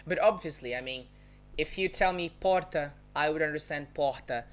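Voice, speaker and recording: Low-voiced Brazilian woman teaching pronunciation. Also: brisk. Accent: Brazilian Portuguese. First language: Portuguese. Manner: explains patiently, repeats example words, checks in with "right?". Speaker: language teacher. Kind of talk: live-streamed language lesson. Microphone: phone or webcam on a live stream.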